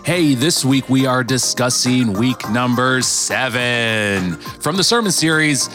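A man's voice: mid-range voice, animated, takes it slowly, over music. A man hosting a church podcast as its pastor, in a friendly, upbeat way.

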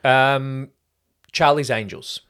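A man's voice: medium pitch, steady tone, slow, a bit bright, smooth. A man co-hosting a casual movie review podcast, arguing his points emphatically and swearing now and then. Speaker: podcast co-host. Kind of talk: casual film review chat.

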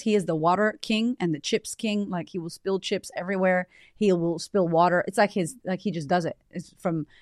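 A woman's voice: medium pitch, no echo. A woman in her thirties hosts a parenting podcast with blunt, emphatic delivery and casual swearing. Her voice sits in a middle range, recorded close and dry with no room sound. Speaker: podcast host. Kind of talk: casual motivational talk.

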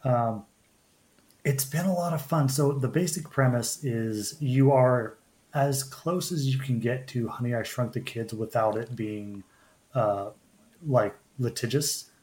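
A man hosts a relaxed podcast conversation at an ordinary pitch. He speaks haltingly, restarting phrases and pausing on fillers as he gathers his thoughts. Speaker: podcast host. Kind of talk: casual chat.

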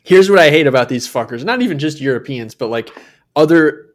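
A man's voice: a little high, lively intonation, fairly quick. A man from Minnesota co-hosting a podcast, ranting in casual banter, swearing and laughing often. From Minnesota, USA. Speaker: podcast co-host.

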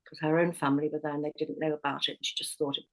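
A middle-aged woman, a hypnotherapist and life coach, shares a personal story candidly as a podcast guest, often restarting and correcting herself. Her low-pitched voice barely moves in pitch and comes out rapid-fire on a rough recording.

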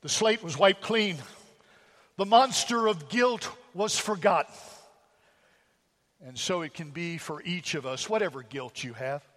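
A man with a notably high voice preaches a sermon, building his points through homely stories and rhetorical questions. His voice rings out in a hall with a long, lingering reverb. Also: a little slow, pauses often, a bit bright. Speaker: pastor.

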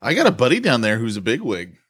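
A man's voice: mid-range voice, huge pitch swings, fast talker, fairly bright tone, husky, no echo, clean studio sound. A man co-hosting a podcast, chatting in a laid-back way with joking banter. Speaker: podcast co-host. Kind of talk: casual chat.

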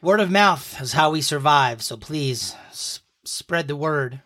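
A man co-hosting a podcast in casual chat, teasing his partner in lively banter. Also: fairly high pitch, unhurried. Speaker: podcast co-host.

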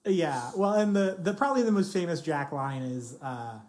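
Low-pitched woman, casual podcast co-host, chatty with lots of fillers. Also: animated, moderate pace, darkish tone. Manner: chatty, many fillers and restarts. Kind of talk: casual chat about a TV show.

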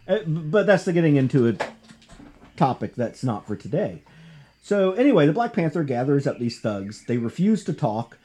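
A man hosting a casual talk show, discussing comics and history in an animated, conversational way. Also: normal speed, slight background noise. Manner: animated, conversational, jumps in pitch for emphasis. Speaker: podcast host.

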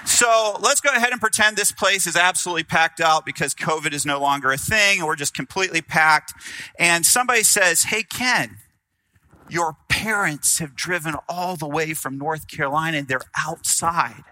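A man preaching a sermon in an animated, conversational way, acting out quotes and asking the listeners questions. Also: a little high, normal speed, no room sound, rough recording. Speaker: pastor.

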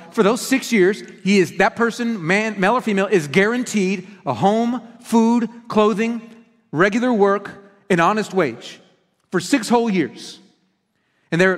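A male pastor delivers an earnest teaching sermon and leans hard on key words. His voice sits high for a man. The sound trails off in the long reverb of a large church hall. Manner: earnest, teaching, with emphatic stresses.

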